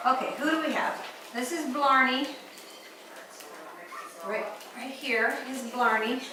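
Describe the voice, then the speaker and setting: A woman's voice: slow, pauses often. A woman breeder talking baby talk to a litter of puppies, coaxing and sing-song, her voice swooping up as she calls them. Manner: coaxing, sing-song, pitch swooping up when calling the dogs. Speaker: dog breeder showing a litter. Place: indoors with puppies and dogs. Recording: echoey room from a distance, loud noise.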